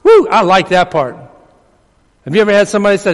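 A man preaching a sermon as pastor, swinging between emphatic preaching and hushed asides. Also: high-pitched, sing-song, a little fast, pauses often. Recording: long reverb of a large hall.

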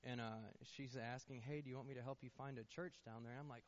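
A man's voice: medium pitch, steady tone, fairly quick. Young man, earnest testimony speaker, faltering repeats, mid-range voice, slightly muffled lo-fi recording. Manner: earnest storytelling, frequent restarts and repeated words. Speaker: church member giving testimony. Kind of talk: personal testimony told to a congregation. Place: church sanctuary.

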